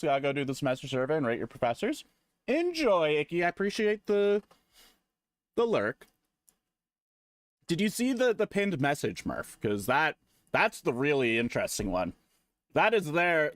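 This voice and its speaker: A man with a high voice swings widely up and down as he jokes with chat on a live stream. He swears freely, rambles and sometimes flares into loud mock rants. The sound is dry and close, with no room echo.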